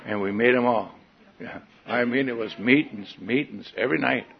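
Older guy with a gravelly voice telling his story at a meeting, folksy and wry, kinda lo-fi. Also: mid-range voice, normal speed. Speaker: recovery meeting speaker. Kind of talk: personal testimony storytelling. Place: meeting hall with an audience.

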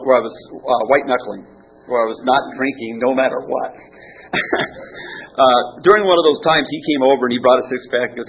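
Brief: self-deprecating man speaking at a recovery meeting, slightly high voice, dull recording. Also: husky. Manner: rambling, self-mocking, restarts, chuckles. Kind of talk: personal recovery story. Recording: muffled, faint hiss.

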